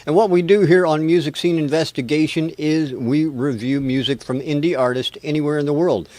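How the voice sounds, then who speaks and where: A man's voice: fairly high pitch, a little fast, darkish tone, no echo. Chatty American man hosting a webcast. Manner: chatty, rambling, self-deprecating. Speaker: show host. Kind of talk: casual live webcast hosting.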